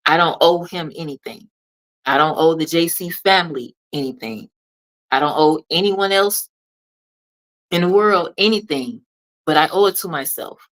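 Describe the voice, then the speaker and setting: Low-voiced woman giving a motivational talk. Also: fairly bright tone, low-quality recording. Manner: emphatic, preachy, repeats phrases, speaks straight to the listener. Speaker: motivational consultant. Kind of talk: motivational monologue.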